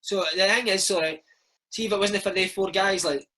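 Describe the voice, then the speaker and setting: Chatty Scottish man, bright husky voice. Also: sits high, moderate pace. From Scotland. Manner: chatty, animated storytelling with frequent "mate" and "man". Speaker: interview guest, former footballer and podcast host. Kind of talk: casual chat.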